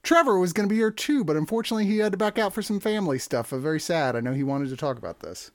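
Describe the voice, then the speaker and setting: Casting: male film-review host, lively rambling delivery, slightly higher voice, dry close sound. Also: rapid-fire, no room sound. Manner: animated, rambling, swears freely. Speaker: podcast host. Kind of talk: casual movie review chat.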